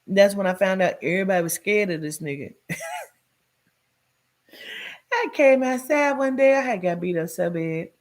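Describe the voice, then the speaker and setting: A woman telling her own life story in a blunt, profane way, with many "like" fillers, swinging between loud emphasis and hushed tones. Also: mid-range voice, normal speed, long pauses. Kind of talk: candid personal storytelling.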